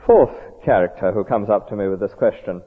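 A man preaching a sermon in an earnest, measured, conversational way. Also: on the low side, slightly rough. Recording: tinny echoey hall recording.

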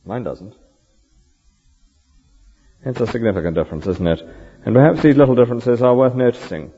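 A man's voice: mid-range voice, normal speed, warm tone, slightly rough. A man preaching a sermon in an earnest, rhetorical way, often ending points with tag questions. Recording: dull lo-fi recording with long hall reverb.

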